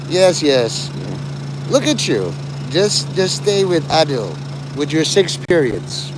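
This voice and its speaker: Mocking streamer man, lively pitch. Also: slow pace, background noise. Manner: mocking, rambling and crude. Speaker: livestreamer talking to his chat. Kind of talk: casual livestream chat.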